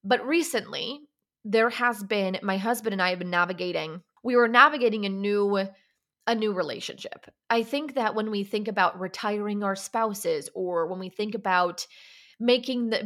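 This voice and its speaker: A woman's voice: mid-range voice, fairly bright tone. Candid young woman hosting a solo podcast. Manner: candid, confessional, with frequent "like" and restarts. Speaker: podcast host.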